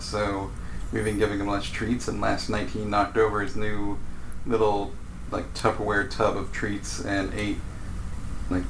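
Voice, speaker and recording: A laid-back man talks playfully in casual podcast chat. His voice sits low and has a gravelly fry. The sound is roomy, with a faint hiss of ambience underneath. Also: a bit bright. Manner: laid-back, playful, puts on a high sing-song voice for his cat.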